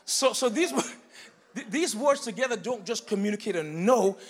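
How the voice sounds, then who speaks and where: A male pastor preaching a sermon, moving between loud, emphatic bursts and quiet, explanatory teaching. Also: sits high, lively intonation, normal speed, a little hiss or hum. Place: church sanctuary. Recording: long hall reverb.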